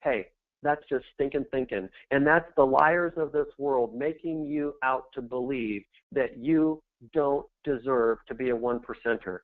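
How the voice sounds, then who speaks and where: Energetic male presenter, tinny phone-like sound. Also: mid-range voice, measured pace, no room sound. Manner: energetic, pep-talk delivery that climbs to shouting peaks. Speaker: network marketing presenter. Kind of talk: motivational sales presentation.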